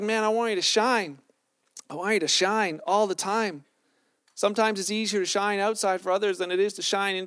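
A man's voice: high-pitched, clean tone, no room sound, clean studio sound. A man, a pastor with children, giving a sermon in a loose, conversational storytelling way, often restarting his sentences. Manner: conversational storytelling preaching, self-correcting.

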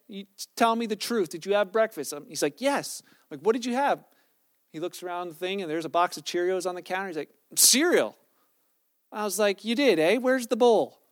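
A pastor who has children delivers a sermon as loose, conversational storytelling, frequently restarting his sentences. His voice is high-pitched. The recording is dry, with clean studio sound.

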